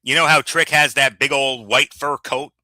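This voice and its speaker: Brief: male co-host, very bright tense tone, dry close sound, animated and stammering. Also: mid-range voice, normal speed, no echo. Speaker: podcast co-host. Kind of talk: casual wrestling recap chat.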